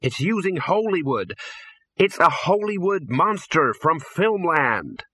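A male narrator voicing a fiery, panicked young actress who snaps and shouts at the wizards in an audiobook. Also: fairly low pitch, sing-song, takes it slowly, breathy edge, no echo, clean studio sound, voice pushed up, full character voice. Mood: exasperated. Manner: snappish, shouting.

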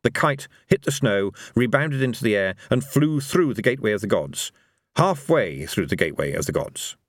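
Expressive male audiobook narrator. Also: on the low side, normal speed, no room sound, clean studio sound. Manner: lively, expressive reading.

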